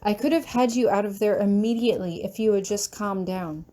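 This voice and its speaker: A woman voicing a calm, stern male professor. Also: medium pitch, a little fast, natural voice. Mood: calm, firm.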